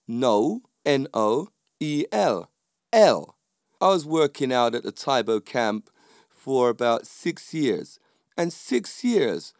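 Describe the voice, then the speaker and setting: A man's voice: mid-range voice, no echo. Guy hosting, talks emphatic, keeps asking yeah?, dry close sound. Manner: emphatic, with frequent tag questions. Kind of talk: casual monologue.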